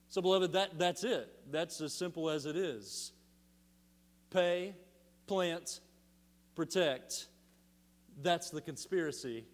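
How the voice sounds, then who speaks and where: A male pastor preaches to his congregation in a fairly high voice, animated and emphatic, stopping often to put rhetorical questions to the room. His words ring out with a long reverb through a large sanctuary. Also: slow, pauses often. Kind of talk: sermon.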